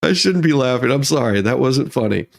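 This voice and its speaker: A man's voice: mid-range voice, lively intonation, a little fast, gravelly. A man hosting a comedic news show, reading headlines and repeatedly breaking into laughter. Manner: giggly, keeps breaking into laughter while reading. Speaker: host.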